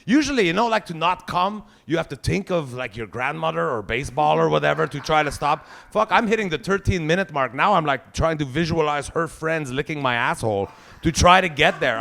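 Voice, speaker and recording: A man's voice: on the high side, lively intonation, fairly quick, gravelly, fairly bright tone. A man doing live stand-up, telling a crude, self-mocking story peppered with swear words. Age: 40s. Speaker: stand-up comedian.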